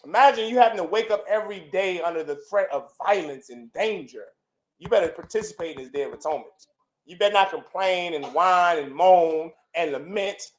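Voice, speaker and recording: A man preaches a fiery sermon with a notably high-pitched voice. He talks forcefully, repeating phrases like a chant. He swings from loud bursts down to low, intense lines. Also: a little fast, poor audio. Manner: repetitive, chanting lists. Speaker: preacher leading a congregation. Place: indoor gathering.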